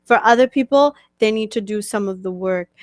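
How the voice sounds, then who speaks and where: A woman's voice: medium pitch, brisk, no echo, clean studio sound. New York woman teaching in a chatty way. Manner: chatty, many fillers and "okay?" check-ins. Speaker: spiritual coach hosting a webcast. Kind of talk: casual teaching talk answering questions.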